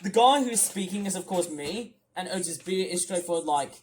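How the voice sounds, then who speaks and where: A man with a high voice on an angry commentary rant. He scolds loudly in some stretches. In others he rambles, repeating words and restarting his sentences. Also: expressive, normal speed, slight background noise. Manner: shouts scolding lines. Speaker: commentary ranter. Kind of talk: angry rant over stream footage.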